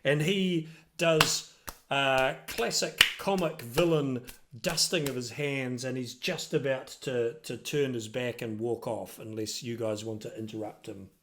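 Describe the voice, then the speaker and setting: Slow, hesitant game master. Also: male voice, medium pitch, fairly even intonation, sharp tone, a little hiss or hum. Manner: hesitant, many ums and restarts. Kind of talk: narrating a tabletop game.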